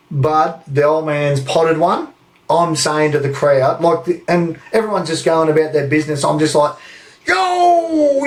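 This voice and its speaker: An Australian man in his young adult years tells a story on a live podcast. He is animated and swears freely, laughing between lines, and his voice sits a little higher than most men's. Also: rough recording. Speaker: podcast co-host.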